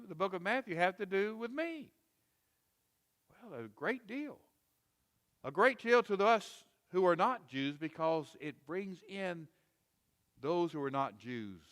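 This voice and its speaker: A man's voice: fairly high pitch, fairly bright tone, long reverb tail. A man preaching a sermon in a folksy, repetitive way, rising to emphatic quoted rebukes. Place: church sanctuary.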